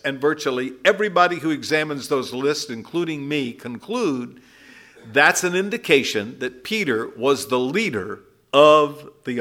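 A man teaching a Bible passage verse by verse, explaining slowly with lively rises and drops in his speech. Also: fairly high pitch.

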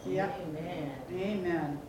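A man's voice: high voice, very slow, darkish tone, slight background noise. A man in the congregation calling out short affirmations during the sermon. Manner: short affirming responses from the pews. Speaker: congregation member.

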